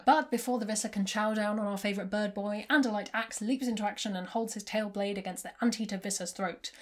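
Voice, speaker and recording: A woman hosting her own book channel, recapping a novel in a chatty, amused way. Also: medium pitch. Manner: chatty, amused, laughs at the plot. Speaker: book review channel host. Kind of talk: casual book recap vlog.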